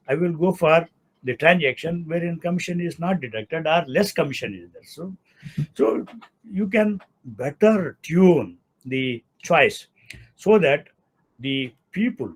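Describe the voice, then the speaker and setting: Indian English-accented law professor lecturing. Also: male voice, on the high side, husky. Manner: explanatory, repeats key words, uses "see" and "okay". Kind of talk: academic lecture.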